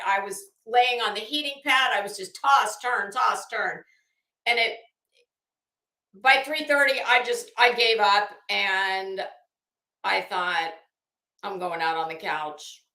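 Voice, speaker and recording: A tired woman rambles through a casual chat, restarting her sentences often. Her voice is bright and a little high, and she talks slowly. The room is echoey. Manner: rambling, chatty, with many restarts and fillers. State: tired and groggy. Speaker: host.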